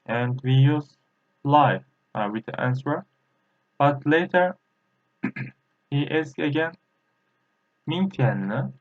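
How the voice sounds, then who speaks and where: A man, a native Turkish speaker, giving a language lesson in English, halting and repeating words slowly with many fillers. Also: fairly high pitch, lively intonation. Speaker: language teacher. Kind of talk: slow spoken language lesson. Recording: tinny phone-like audio.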